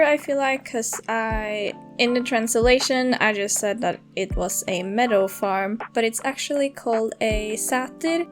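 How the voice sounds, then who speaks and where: A young woman, chatting casually and laughing easily as she talks through a build and reads a fairytale aloud. Her voice sits fairly high. Soft music plays faintly underneath. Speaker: game building video creator. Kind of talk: casual narration and storybook reading.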